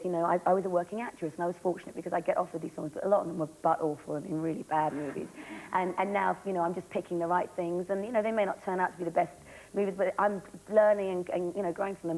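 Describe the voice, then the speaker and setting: An actress being interviewed on a talk show, rambling and giggly, with a slightly hoarse voice. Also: female voice, on the low side, darkish tone, rough recording. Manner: rambling, giggly, fast storyteller. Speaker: guest actress.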